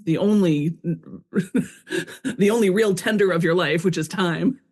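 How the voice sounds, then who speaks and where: This woman is an author appearing as a podcast guest, and her voice is on the low side, unhurried and a little mellow. She talks openly and with expression in an interview-style conversation, acting out her thoughts in quoted asides.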